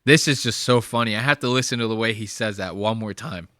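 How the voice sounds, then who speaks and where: A man's voice: on the low side, brisk, background noise. A man hosting a podcast in loose, profane casual chat, rambling and laughing as he signs off. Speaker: podcast host.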